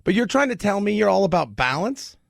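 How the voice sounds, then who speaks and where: A man's voice: sits high, big pitch swings, brisk, creaky, no room sound. A middle-aged man hosting a talk radio show, talking bluntly and sarcastically in a rambling monologue into a studio mic.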